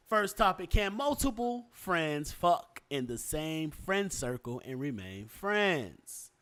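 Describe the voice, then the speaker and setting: A man's voice: fairly high pitch, very animated, takes it slowly, hardly any pauses, a bit bright. Rambling man hosting a podcast. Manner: loose, rambling, many fillers and restarts. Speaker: podcast host. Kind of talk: casual podcast chat.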